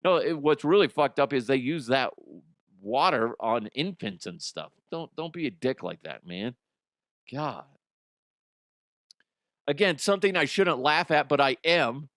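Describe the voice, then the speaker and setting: A man's voice: mid-range voice, animated, unhurried, a bit bright, dry recording. A man hosting a comedic news podcast, ranting about odd stories with profane, laughing commentary into a close microphone. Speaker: podcast host.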